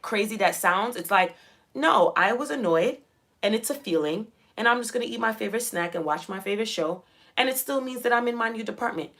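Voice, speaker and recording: A woman's voice: medium pitch, sharp tone. A young woman vlogging, giving casual motivational talk to her viewers, emphatic and repeating her phrases as she quotes her own thoughts. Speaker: self-development vlogger.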